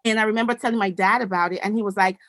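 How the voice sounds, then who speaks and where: A woman as an interview guest, telling her story in an animated way, often restarting phrases and acting out bits of dialogue. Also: medium pitch, rapid-fire, no room sound. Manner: animated, acts out quoted dialogue, many restarts. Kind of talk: conversational storytelling.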